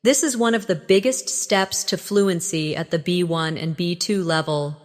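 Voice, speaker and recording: A woman narrating a scripted English lesson, speaking slowly and clearly and modelling phrases for listeners to repeat. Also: on the low side, long reverb tail. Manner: slow, clear, instructive delivery with model phrases. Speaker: English teacher.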